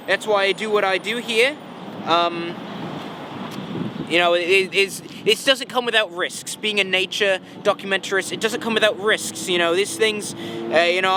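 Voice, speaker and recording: A young man playing a bumbling, overconfident nature documentary host in a comedy sketch, talking in a rambling, mock-serious, deadpan way, recorded outdoors on a campus. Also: high voice. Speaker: comic nature show host. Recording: noisy outdoor recording with traffic.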